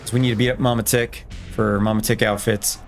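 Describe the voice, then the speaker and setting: A man with a fairly low voice talks his way through a game run in a loose, rambling way. He keeps tossing in playful, self-joking asides, and faint music plays under his voice. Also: little pitch movement, brisk. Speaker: let's play gamer. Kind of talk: casual gameplay commentary.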